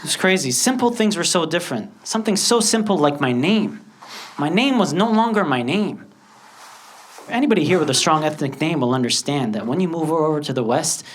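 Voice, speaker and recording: A young man doing a stand-up comedy set, telling stories and acting out characters with quick bursts. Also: a little high. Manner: animated storytelling, acts out characters in quick bursts. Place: comedy stage with a laughing audience. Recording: loud audience laughter and noise.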